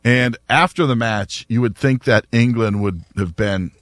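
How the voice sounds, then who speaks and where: A man hosting a sports talk show, telling a story in an animated, laughing way. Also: medium pitch, unhurried, no echo. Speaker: radio talk show host.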